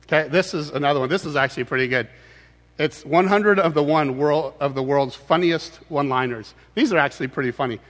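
A man preaching a humorous sermon in a conversational, teasing way with animated asides. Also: on the high side, fairly quick, in a large hall.

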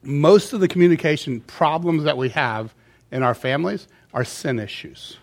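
A man's voice: on the high side, lively intonation, normal speed. A man preaching a sermon to a church congregation, in a conversational style that keeps checking in with "okay?" and acts out quotes. He sometimes moves off the microphone. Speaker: pastor.

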